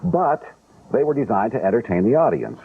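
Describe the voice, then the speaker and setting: A man's voice: medium pitch, very animated, brisk, gravelly, slightly rough. A man being interviewed about his old films, telling stories in a wry, unapologetic way. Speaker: film director guest. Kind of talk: interview chat. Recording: tinny lo-fi broadcast sound, faint hiss.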